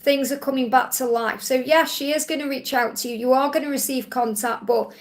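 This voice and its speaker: A woman's voice: high voice, fairly even intonation, a little fast. A woman hosting a live Q&A stream, doing tarot readings in a soothing, reassuring way and repeating her key phrases.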